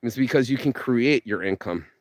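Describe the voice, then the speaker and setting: A man giving a fired-up motivational rant, cursing freely and tripping over his words as he pushes ahead. His voice sits at an ordinary middle pitch. The sound is dry and close, with no room around it. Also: expressive, moderate pace, no room sound. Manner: profane, fired-up, rambling with restarts. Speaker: vlogger. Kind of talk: motivational monologue.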